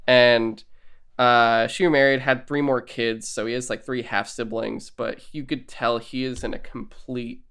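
A man's voice: mid-range voice, little pitch movement, normal speed, fairly bright tone, clean tone. A man co-hosting a podcast in casual chat, rambling, laughing often and acting out quotes. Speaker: podcast co-host.

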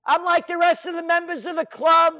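Smug entitled governor, high and taunting, bossy sing-song; a man plays him. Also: steady tone, brisk, sharp tone. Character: smug spoiled rich-boy male governor. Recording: dull lo-fi sound.

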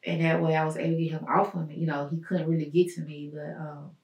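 Guest woman, slightly rough voice, halting testimony, recorded from a distance with room echo. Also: sits low, little pitch movement, highs cut off. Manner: halting, searching, with many pauses and fillers. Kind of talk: personal testimony in an interview. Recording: roomy echo, mic at a distance.

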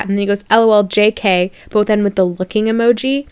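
A woman's voice: mid-range voice, steady tone, a little fast, smooth. A young woman podcaster telling a dating story in a casual monologue, sarcastic and exasperated, with bursts of mock outrage. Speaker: podcast host.

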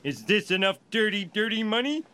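A man voicing a bumbling middle-aged cartoon dad with a nasal, goofy drawl, in a clip from an animated series. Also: high voice, a little fast, background noise. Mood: earnest. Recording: clip with music underneath.

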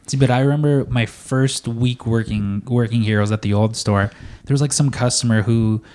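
A man in relaxed podcast conversation, spinning a long workplace anecdote. He leans heavily on "like" as he talks, and his voice sits at an ordinary middle pitch. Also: moderate pace. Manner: rambling storyteller, constant "like" fillers. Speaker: store employee. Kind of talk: casual podcast chat.

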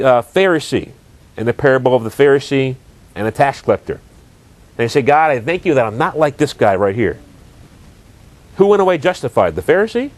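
A man preaching a sermon, earnest and direct, asking rhetorical questions and building emphasis. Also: fairly high pitch.

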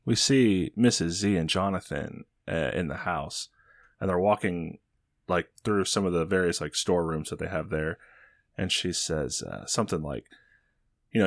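A man's voice: deep voice, animated, moderate pace, no echo, studio quality. A young man co-hosting a casual comedy podcast, rambling through a story with many fillers. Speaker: podcast co-host pitching a movie sequel.

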